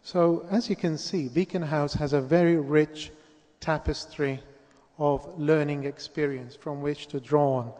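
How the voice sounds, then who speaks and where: A man giving a formal presentation at a conference, speaking in a measured way with occasional restarts. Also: a little high, steady tone, darkish tone. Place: large conference hall. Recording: echoey hall, long reverb.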